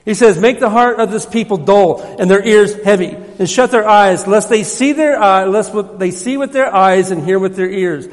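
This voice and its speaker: A man's voice: high-pitched, moderate pace, hardly any pauses. A man preaching a sermon in a church, emphatic and repetitive, his voice rising when he quotes scripture. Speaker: pastor. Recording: hall reverb.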